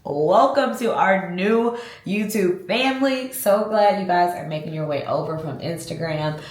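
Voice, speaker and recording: A low-pitched woman chats to her viewers in a casual home vlog. She sounds heartfelt and faith-filled. Her voice rings off the walls of an echoey room. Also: unhurried. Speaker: lifestyle vlogger. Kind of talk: casual vlog talk to camera.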